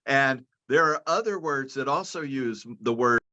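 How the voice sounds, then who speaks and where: A man's voice: medium pitch, expressive, a little slow, bright, forceful tone, muffled recording. A man being interviewed over a video call, explaining things patiently and step by step like a lecturer. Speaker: guest, cannabis and hemp advocate.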